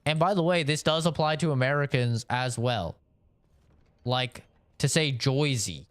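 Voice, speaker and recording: A man from Canada ranting on a live game stream, opinionated and animated, spelling words out letter by letter. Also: a little high, moderate pace, clear, resonant tone, no echo. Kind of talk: casual rant during a live game stream.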